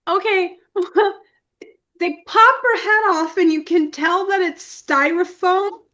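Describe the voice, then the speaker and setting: A woman's voice: extremely high pitch, slow, highs cut off. A young adult woman co-hosting a podcast in casual chat, telling stories with lots of laughter and acted-out scenes. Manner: animated storyteller, laughs often, acts out scenes. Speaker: podcast co-host.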